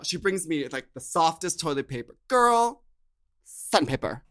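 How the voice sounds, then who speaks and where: Campy male storyteller, bright tone. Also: fairly high pitch, sing-song, unhurried. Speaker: podcast co-host. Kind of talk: casual chat.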